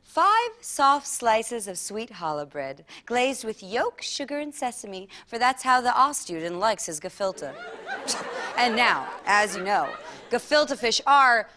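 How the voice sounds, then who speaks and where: A woman performing a comic story in a theatrical, animated way, with laughing asides. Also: on the high side, measured pace, slight background noise.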